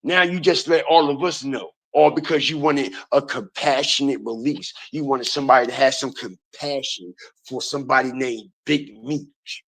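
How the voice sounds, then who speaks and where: A man's voice: mid-range voice, moderate pace, a bit bright. A man hosting an online commentary video, ranting in a heated, profane way and repeating his points.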